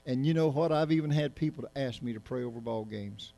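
Folksy pastor, rambling sermon. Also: male voice, mid-range voice, fast, vocal fry, mellow, slight background noise. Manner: folksy, joking, rambling with many restarts. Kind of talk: casual sermon to a congregation. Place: church sanctuary.

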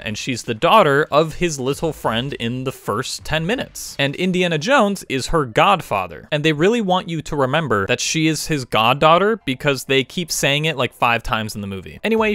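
A man's voice: medium pitch, a bit bright, no room sound. A man reviewing a film in casual commentary, with a sarcastic manner.

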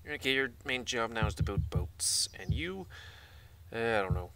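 A man's voice: mid-range voice, lively intonation, normal speed, noisy background. A man giving rambling, casual let's-play commentary, muttering asides to himself and swearing now and then. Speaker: gaming channel host. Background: game music.

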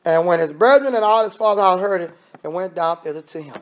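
A man's voice: high voice, fast. A man preaching a sermon in a conversational, emphatic way, repeating phrases and adding asides to the congregation.

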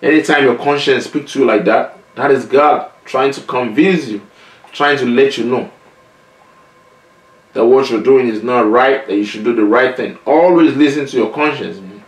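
A man's voice: medium pitch, normal speed. A male evangelist preaching a sermon in an earnest, conversational way, often adding "you know" and "man". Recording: roomy, echoey sound from a distance.

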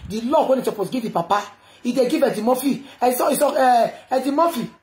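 A Nigerian woman ranting on a live video, shouting and chanting slogans between mutters. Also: a little high, fast talker. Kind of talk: impassioned live-stream rant. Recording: echoey noisy live phone video.

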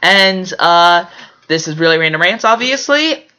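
A man's voice: high voice, animated, measured pace, sharp tone, smooth, highs cut off. A man co-hosting a casual chat show, reading out facts with a rambling delivery and lots of fillers. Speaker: co-host.

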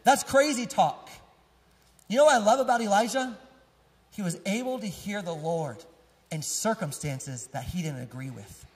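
A man in his thirties preaching a sermon as pastor, conversational and lively, polling the congregation and joking as he corrects himself mid-sentence. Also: high-pitched, moderate pace. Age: 30s. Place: church sanctuary. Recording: long church hall reverb.

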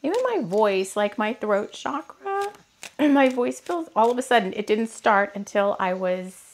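A woman giving a rambling, casual spiritual card reading, her throat a bit hoarse and scratchy, laughing often. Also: on the high side, lively intonation, measured pace. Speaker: tarot card reader.

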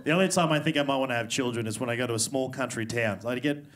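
Racing along at a medium pitch, a man works the crowd during a stand-up set in a comedy club, loud, brash and swearing into a handheld stage mic. The live club recording picks up crowd noise.

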